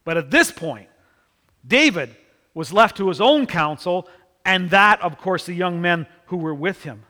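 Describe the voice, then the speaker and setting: A man preaching a sermon, telling the story in an animated way and acting out the people in it. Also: sits high, unhurried, in a large hall. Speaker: pastor.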